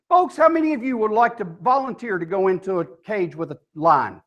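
High-voiced emphatic male preacher. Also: expressive, fairly quick, hardly any pauses, fairly bright tone. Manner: emphatic, rhetorical questions to the congregation. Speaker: pastor. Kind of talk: sermon. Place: church.

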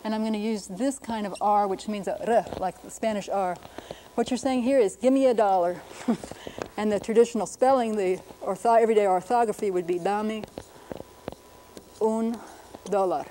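A woman linguist presenting a televised lesson, explaining briskly and sounding out words to demonstrate them. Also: medium pitch, warm tone, a little hiss or hum, rough recording. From United States.

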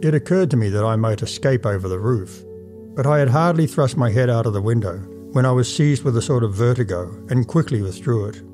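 A man reads a first-person story in a measured, formal audiobook manner. His tone is mellow and relaxed at a middle pitch, with faint music underneath. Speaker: narrator. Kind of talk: scripted audiobook narration.

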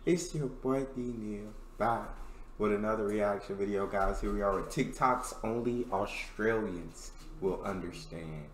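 A man's voice: fairly low pitch, a little slow. A man hosting a reaction video, talking in a hyped, slangy, casual way. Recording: roomy echo, faint noise.

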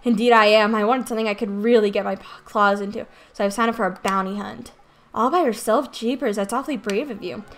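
A woman's voice: medium pitch, fairly even intonation, quick pace, a little hiss or hum, pitched below the performer's own voice, close to an everyday voice. Woman voicing a plucky fighting cat. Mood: eager. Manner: eager, bold, spirited.

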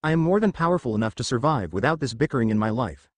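A man's voice: mid-range voice, animated, quick pace, no echo, close to an everyday voice. A man voicing a teenage male fighter who speaks firmly and evenly in a read-aloud fan story. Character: teenage male half-alien fighter, firm.

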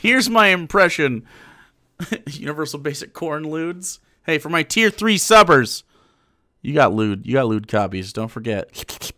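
A man's voice: a little high, very animated, a little slow, sharp tone. Sarcastic ranting man streamer. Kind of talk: live-stream commentary rant.

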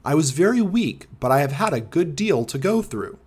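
A man reading the part of a pale, shaken young engineer in an audiobook, his voice rising to high excited notes. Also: moderate pace, husky.

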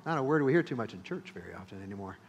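A male pastor preaching a sermon, emphatic, repeating phrases and building to loud peaks. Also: lowish voice, very animated, very fast, husky, highs cut off.

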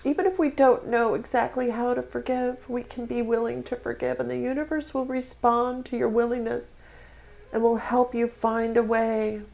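A woman's voice: on the high side, level tone, moderate pace, creaky, darkish tone. A woman giving a tarot reading, speaking with spiritual feeling and emotion, close to tears. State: tearful. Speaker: tarot reader.

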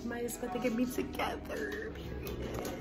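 A woman in her twenties talking to camera in a casual vlog, telling stories in an animated, slangy, emphatic way. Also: fairly high pitch, normal speed, over loud music. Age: 20s. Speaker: vlogger.

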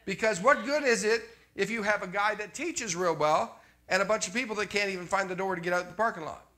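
A man's voice: high voice, fast talker, bright, forceful tone. A Canadian man preaching a sermon in a conversational way, repeating his refrains and often checking in with the congregation.

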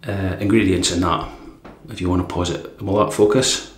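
A man giving a casual running commentary while he shaves in a bathroom, talking quietly and thinking aloud with lots of fillers. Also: sits low, fairly even intonation, moderate pace. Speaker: shaving video host. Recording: echoey bathroom with faint noise.

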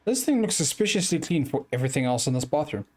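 A man's voice: on the high side, big pitch swings, fast talker, a little mellow. Chatty man muttering through a game. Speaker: gaming YouTuber. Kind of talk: let's play commentary.

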